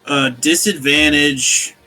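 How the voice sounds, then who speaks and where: A man's voice: fairly high pitch, takes it slowly, sharp tone, faint music behind. A man running a live tabletop game as game master, making blunt rulings with casual swearing and jokes.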